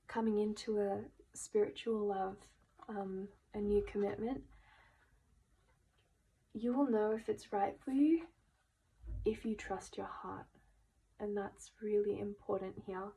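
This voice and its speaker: A woman gives a gentle tarot reading in an unhurried, drawn-out way. Her voice is mellow and warm, and now and then it falls to a hushed whisper. She sounds earnest and moved as she talks. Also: medium pitch, steady tone, rough recording. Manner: gentle, slow and emotional, drifting into whispers. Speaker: tarot reader. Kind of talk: soft-spoken tarot reading.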